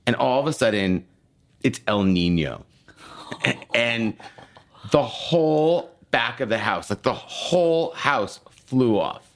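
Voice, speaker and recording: A middle-aged man spinning a long, rowdy anecdote on a podcast. His pitch leaps all over as he acts out the people in the story, and he swears without a second thought. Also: takes it slowly. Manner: animated storyteller who acts out voices, swears freely. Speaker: podcast co-host. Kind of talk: casual chat, storytelling.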